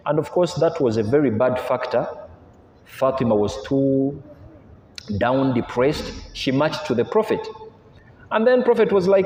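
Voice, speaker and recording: Male preacher, lively storyteller, warm tone, roomy reverberant hall. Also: mid-range voice, unhurried, a little hiss or hum. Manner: animated storytelling, mixing languages, rhetorical questions. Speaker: Islamic preacher. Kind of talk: sermon retelling stories. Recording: echoey hall with long reverb.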